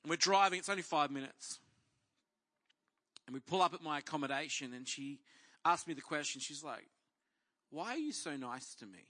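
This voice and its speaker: A man's voice: on the high side, pushed and bright. A middle-aged man, a pastor telling a story in a sermon and acting out the voices of the people in it.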